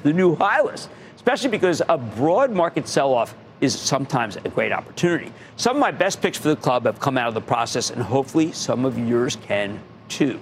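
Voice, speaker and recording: A man's voice: medium pitch, a little hiss or hum. A middle-aged man hosting a finance TV show, talking in an emphatic, theatrical way with punchy delivery and sudden bursts of emphasis. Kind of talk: animated market commentary.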